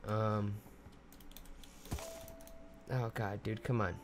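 A man's voice: lowish voice, little pitch movement, very slow, slight background noise. A young man giving casual, profane commentary while he plays a video game, thinking aloud as he goes. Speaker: gamer.

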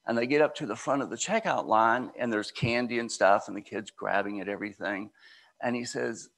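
Man, mid-pitched and gravelly, relaxed inspirational speaker. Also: a little fast. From United States. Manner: conversational, storytelling asides. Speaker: spiritual speaker. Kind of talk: inspirational talk.

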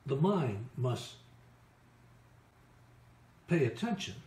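A man channeling a message from spirit guides, dragging out each word with long pauses between them. His pitch swings up and down widely as he goes. The room around him sounds roomy and echoey. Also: big pitch swings, a little mellow. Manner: halting, drawn-out words with long pauses. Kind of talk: slow deliberate channeled message.

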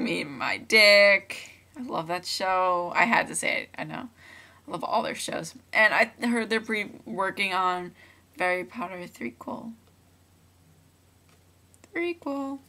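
Young female vlogger, lowish pitch, bright tense tone, rambling webcam chat into a laptop mic. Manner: chatty and rambling, with many fillers and restarts. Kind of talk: casual webcam vlog. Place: room at home. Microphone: laptop built-in mic.

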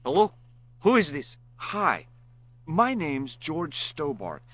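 An actor playing a persistent, wisecracking amateur sleuth in a point-and-click adventure game, asking around with dry humor. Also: male voice, fairly high pitch, huge pitch swings, takes it slowly, a bit bright, no echo, exaggerated voice, low-quality recording. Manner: dry, sarcastic quips. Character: wry American male tourist sleuth, persistent.

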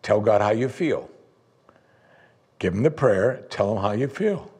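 A man preaching a sermon as pastor, conversational, voicing his listeners' doubts in a higher voice. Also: animated, a little slow, a little mellow, slightly rough. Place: church sanctuary.

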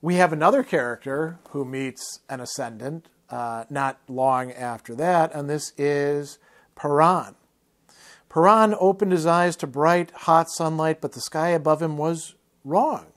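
A man giving a lecture, reading a novel passage aloud in a measured, expressive way. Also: on the high side.

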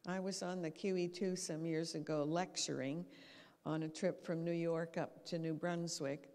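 A woman giving a lively talk in a church hall, acting out quotes as she tells stories. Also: fairly low pitch. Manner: lively storytelling, acts out quotes. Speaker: guest speaker. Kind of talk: talk on habits. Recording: reverberant hall.

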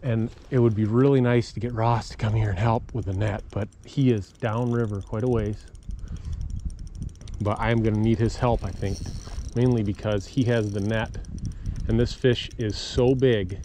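Excitable man vlogging from a river. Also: fairly low pitch, normal speed, a little hiss or hum. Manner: excitable, exclaiming, calling out to a friend. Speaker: fishing vlogger. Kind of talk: excited outdoor fishing vlog talk. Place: outdoors on a river while fishing.

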